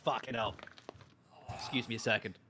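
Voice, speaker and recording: A man's voice: medium pitch, steady tone, normal speed, noisy background. A man with a British accent chatting casually on a live stream, rambling and self-mocking with crude jokes. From Britain.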